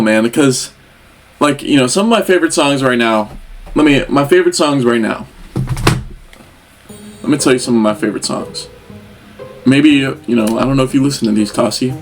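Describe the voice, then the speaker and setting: Rambling young man reacting to music. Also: medium pitch. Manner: rambling, chatty, addresses the artist as brother. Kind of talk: casual chat.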